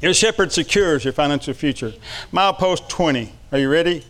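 A man's voice: on the high side, expressive, a little fast, a bit bright. A middle-aged man preaching a sermon, fervent and repetitive. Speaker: pastor.

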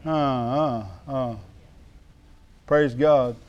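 A man preaching a sermon in a church, joking with the congregation and building to emphatic, shouted lines. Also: medium pitch, fairly even intonation, extremely slow, smooth, dull audio.

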